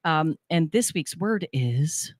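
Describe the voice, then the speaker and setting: A woman co-hosting a casual morning radio show, chatty and rambling, with a husky morning voice. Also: sits low, lively intonation, takes it slowly, no room sound, clean studio sound. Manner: chatty, laughing, rambling asides. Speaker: radio co-host. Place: radio studio.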